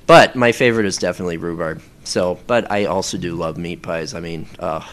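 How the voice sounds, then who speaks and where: A man chatting casually as a podcast guest, rambling with many pauses and fillers. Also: sits low. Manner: rambling, hesitant, lots of ums. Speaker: voice actor guest.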